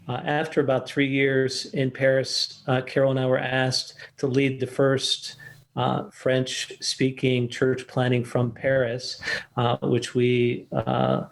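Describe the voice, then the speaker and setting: An older American man, a missionary guest, telling his story in an interview with frequent pauses and fillers. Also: medium pitch, vocal fry. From United States. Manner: halting, many fillers and restarts.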